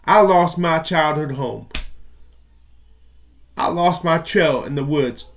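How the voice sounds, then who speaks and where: A man's voice: fairly high pitch, takes it slowly. A man calling into a talk show, rambling in an aggrieved tone and swearing now and then. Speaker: caller. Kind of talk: call-in show monologue.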